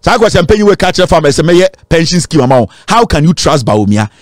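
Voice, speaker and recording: A man's voice: a little high, big pitch swings, fast, dry recording, clean studio sound. A Ghanaian man giving impassioned political commentary, mixing Twi and English.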